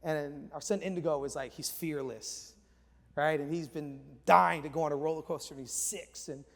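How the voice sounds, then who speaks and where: High-voiced pastor preaching in a reverberant hall. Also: male voice, normal speed, gravelly. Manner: lively storytelling, dropping to hushed asides. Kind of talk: sermon.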